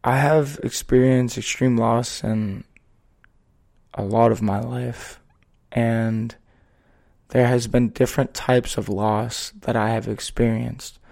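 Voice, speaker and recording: A man hosting a podcast, talking in a slow, measured and earnest way as he tells a personal story. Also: mid-range voice, steady tone, gravelly, darkish tone. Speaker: podcast host. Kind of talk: reflective podcast conversation.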